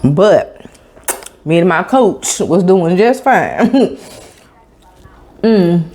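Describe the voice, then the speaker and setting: A woman's voice: lowish voice, expressive, very slow, mellow, a little hiss or hum. A woman from Tampa, telling a sassy, emphatic story with sound effects in a casual vlog chat. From Tampa, Florida. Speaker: vlogger.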